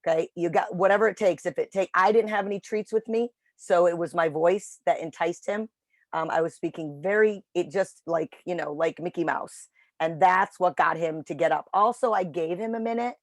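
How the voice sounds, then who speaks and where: A woman telling a dog-training story in casual chat on a video call, animated when quoting. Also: fairly low pitch, normal speed, no echo. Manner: chatty storytelling, animated voices for quotes. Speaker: puppy raiser trainer.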